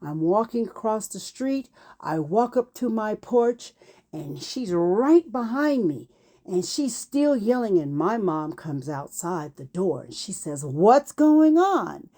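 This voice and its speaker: A woman in her fifties telling a personal childhood story in an animated way, acting out what people said. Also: medium pitch, takes it slowly. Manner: animated, acts out quotes.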